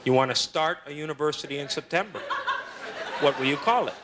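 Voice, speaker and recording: A man's voice: fairly high pitch, a little fast. A middle-aged man hosting stand-up, bantering with the audience in a teasing, sarcastic way. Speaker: stand-up comedian host. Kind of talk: live stand-up crowd work. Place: comedy club stage with live audience. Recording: loud live crowd laughter and noise. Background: audience laughing.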